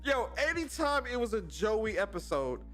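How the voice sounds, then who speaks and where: A man's voice: high voice, big pitch swings, normal speed, a bit bright, soft background music. A man hosting a casual livestream podcast, talking with energy and plenty of slang as he greets his chat. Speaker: podcast host.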